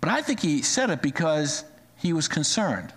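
A pastor delivers a sermon in a church sanctuary that is being live-streamed, and the recording carries a long hall reverb. He has an animated, high, slightly breathy voice, speaks at a moderate pace and repeats phrases for emphasis.

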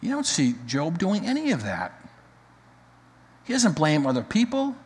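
A male pastor preaching a sermon, dramatic, swinging between loud emphasis and quiet, full of rhetorical questions. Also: fairly high pitch, huge pitch swings, measured pace, breathy edge, in a large hall.

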